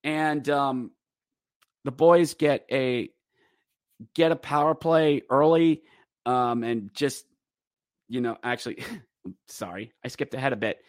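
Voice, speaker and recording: A man hosting a podcast, giving a rambling, animated casual recap of a hockey game. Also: medium pitch, takes it slowly, pauses often, no echo, clean studio sound. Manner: rambling and animated, breaks into acted quotes. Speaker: podcast host.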